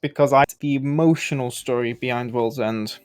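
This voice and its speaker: Man, podcast co-host, relaxed casual chat, mid pitch, dry close sound, faint music. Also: moderate pace, clean tone, no echo. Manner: relaxed, mimics regional voices in jokes.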